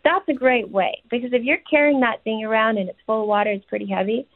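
A woman's voice: fairly high pitch, fast talker, dry recording. A woman, a nutritionist and chef, giving casual, chatty advice in an interview, with many "you know"s and "um"s. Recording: tinny dry phone line.

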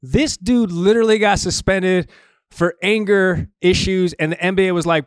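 A man co-hosting a casual sports talk show, animated and laughing, given to mocking impressions. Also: high-pitched, moderate pace, clear, resonant tone, no room sound, clean studio sound. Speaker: co-host.

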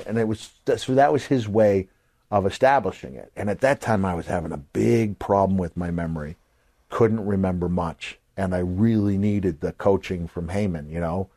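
An older man hosting a podcast, telling animated stories and acting out the voices of people he quotes, sometimes jumping to a shout for a punchline. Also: low voice, moderate pace, no room sound. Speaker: podcast host. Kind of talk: casual storytelling.

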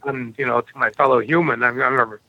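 A man from Canada, a podcast guest, telling stories bluntly with a rough edge. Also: mid-range voice, steady tone, quick pace, highs cut off. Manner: blunt, rough-edged storyteller. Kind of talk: casual storytelling interview.

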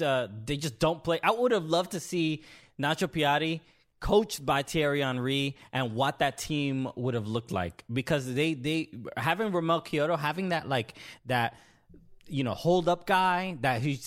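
A man hosting a sports podcast, recapping games in a casual, halting way with many restarts. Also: on the high side, fairly bright tone. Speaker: podcast host.

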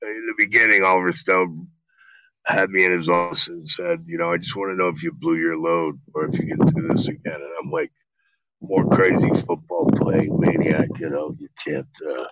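A man, an actor guest in an interview, telling lively stories full of swearing and acted-out quotes. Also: low voice, moderate pace, highs cut off, background noise. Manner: animated, profane, acts out quotes. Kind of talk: storytelling interview.

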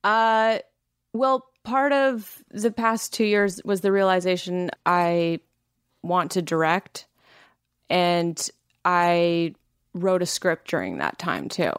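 Woman from Canada, 30s, low-ish voice, candid and giggly guest, dry studio sound. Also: slow pace, clean tone, no echo. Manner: candid, laughs often, many filler "like"s. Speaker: actress and podcast guest. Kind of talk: casual interview chat.

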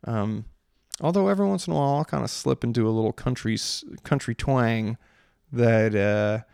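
A man's voice: mid-range voice, normal speed, gravelly, darkish tone, clean tone, no echo, clean studio sound. A man from Maryland, a singer-songwriter in his thirties, chatting casually and rambling, sarcastic about spam messages. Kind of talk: casual chat.

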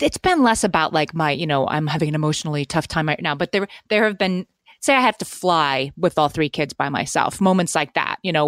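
A woman in her forties with a slightly low voice co-hosts a podcast, thinking aloud in earnest, casual chat. Her sentences often restart mid-thought. The sound is close and dry, with no room around her. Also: no echo. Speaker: podcast co-host.

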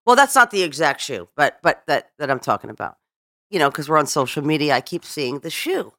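A woman's voice: low voice, very animated, fairly quick, a bit bright, dry recording, clean studio sound. A middle-aged woman hosting a podcast, chatting casually and acting out other people's lines as she tells a story. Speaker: podcast host. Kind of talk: casual chat.

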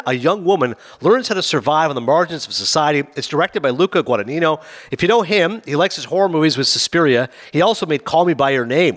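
A man hosting a casual film review chat, talking fast and acting out scenes in quoted voices. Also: on the high side, fairly bright tone.

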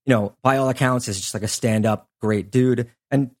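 A man's voice: medium pitch, steady tone, normal speed, a little mellow. A man hosting a podcast, telling a story in a loose, conversational way with lots of fillers. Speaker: podcast host; sports journalist. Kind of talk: casual storytelling chat.

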